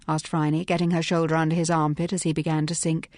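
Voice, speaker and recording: Woman audiobook narrator, lower voice, brisk and wry, dry studio sound. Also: flat delivery, a little mellow, no room sound. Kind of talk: scripted narration.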